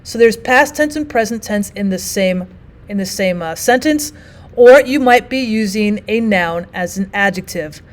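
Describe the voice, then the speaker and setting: A woman's voice: medium pitch, lively intonation, normal speed. A woman teacher narrating a recorded language arts lesson, explaining and reading quotes aloud with emphasis.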